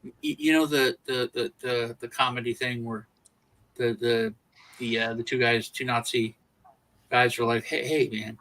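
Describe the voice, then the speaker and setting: Co-hosting a laid-back podcast, this man from the United States tells stories animatedly, often restarting and repeating words. He has a mid-range voice at a measured pace, and the audio is poor.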